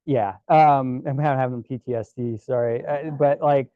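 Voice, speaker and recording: A man giving a casual storytelling presentation to a club, relaxed and chatty with many fillers and restarts. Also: mid-range voice, normal speed, no room sound, phone-quality sound. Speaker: guest presenter at a camera club.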